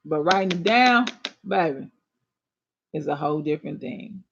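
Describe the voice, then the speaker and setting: A woman's voice: deep voice, lively intonation, normal speed, vocal fry, fairly bright tone. A woman giving casual relationship advice to women, sassy, emphatic and colloquial, scolding her listeners. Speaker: relationship and astrology advice host. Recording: dull lo-fi recording.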